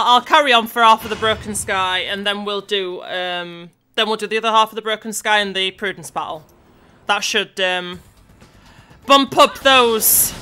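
A gameplay commentator with a high, bright, clear and resonant voice swears and shouts through a hard game while commenting on her own play. She speaks quickly, gets frustrated easily and yells at the enemies on screen.

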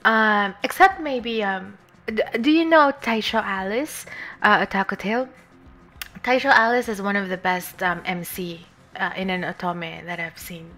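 A woman's voice: medium pitch, a little slow. A woman streaming a game, chatting casually with her viewers, giggling often and sometimes reading the game's lines aloud. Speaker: VTuber streamer. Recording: faint music underneath. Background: soft game music.

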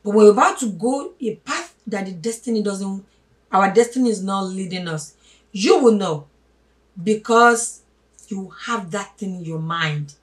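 A woman's voice: mid-range voice, animated, normal speed. Emphatic woman preaching, a bit off-mic. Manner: emphatic, swinging between loud stresses and hushed asides; addresses listeners as brothers and sisters. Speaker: religious teacher. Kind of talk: spoken sermon. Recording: voice a little distant from the mic.

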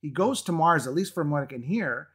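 Male panel host, a touch high-pitched, keen and talkative, steers the conversation. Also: expressive, brisk, a bit bright, husky. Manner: enthusiastic, interjects and directs turns. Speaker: host of a metal album review roundtable. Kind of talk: casual panel discussion.

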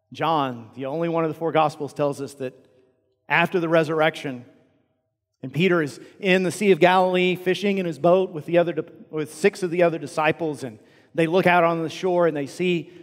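A man with a Texan accent preaching a sermon as pastor, earnest, swinging from loud emphasis down to hushed, quiet lines. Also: fairly high pitch, in a large hall. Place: large church sanctuary.

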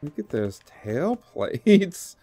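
A man's voice: on the high side, very animated, drawn-out words, warm tone, no room sound, faint music behind. A man streaming a game, giving live commentary, laughing often and talking to the character on screen and to his viewers.

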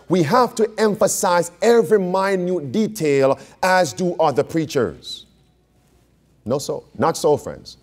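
A man delivers an interactive Bible study sermon, quizzing his listeners and repeating key phrases for weight. His pitch sits a little high and moves in wide, lively swoops. He speaks slowly and deliberately. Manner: questions the audience, repeats phrases for emphasis. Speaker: preacher teaching a Bible class.

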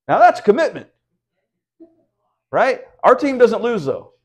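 A pastor teaches the Bible at a house church, preaching conversationally and often posing rhetorical questions. His voice sits high and is slightly rough.

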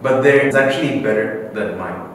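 A man's voice: mid-range voice, a little fast. Kenyan man talking in an echoey hall. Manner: animated, explains with many restarts. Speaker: host. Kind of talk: casual chat. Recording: roomy echo, distant mic, faint noise.

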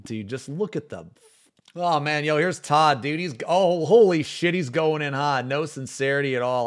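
A man streaming a reaction to a video, swearing, mocking and incredulous, reading quoted text aloud and stumbling over words. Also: mid-range voice.

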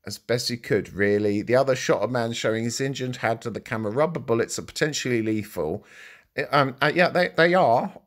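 A man's voice: mid-range voice, a little fast. Sarcastic man reacting to news. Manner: sarcastic, reads text aloud and interjects. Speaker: commentary vlogger.

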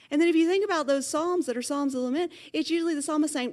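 A woman preaching a vespers sermon, gentle and reflective, rising to animated moments with laughter. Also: high-pitched, fast, few pauses. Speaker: pastor. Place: chapel at a retirement community.

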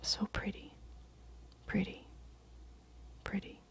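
A woman voicing a frail, timid little boy who clings and pleads, in a soft, raised voice. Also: medium pitch, a little slow, creaky, a little hiss or hum, voice pushed up. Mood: wistful.

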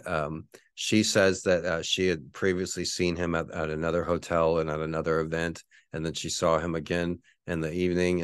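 Rambling, low-voiced podcast host man. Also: no room sound, clean studio sound. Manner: rambling, profane, frequent fillers and self-corrections. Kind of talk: casual monologue.

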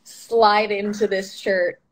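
A young actress chatting as an interview guest, talking freely with lots of "like" and "um" and breaking into laughs. Her voice sits at an ordinary middle pitch for a woman. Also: flat delivery, takes it slowly, slight background noise. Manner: chatty, laughs often, many fillers. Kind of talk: casual interview chat.

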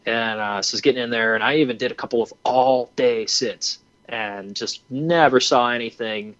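A man in his twenties telling a hunting story in a casual way, animated and full of fillers. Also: mid-range voice, moderate pace, no room sound. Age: 20s. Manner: animated, acts out his own reactions, many fillers. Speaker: hunting program founder and podcast guest. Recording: dry, slightly dull lo-fi audio.

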